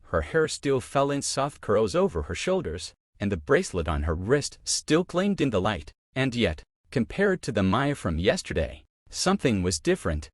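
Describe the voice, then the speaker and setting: A man narrating a love story with an expressive, emotional reading. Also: lowish voice, moderate pace, few pauses, no room sound, clean studio sound.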